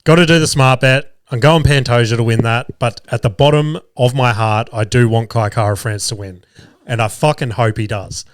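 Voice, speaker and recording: An under-the-weather Australian podcast host coughs while loosely chatting about his bets, speaking at a moderate pace with fairly even intonation and a medium pitch. He swears often, rambles, and restarts with many fillers. A studio mic in a small studio yields dry, clean sound.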